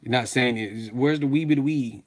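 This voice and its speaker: A man's voice: mid-range voice, moderate pace. A man hosting a livestream reaction show, trash-talking in a brash, profane way. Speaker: boxing channel host.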